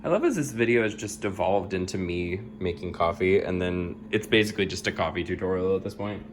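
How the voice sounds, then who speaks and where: A man's voice: sits low, brisk, slight background noise. A young man chatting casually while making coffee in his home kitchen, bubbly and self-mocking, laughing often. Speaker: vlogger.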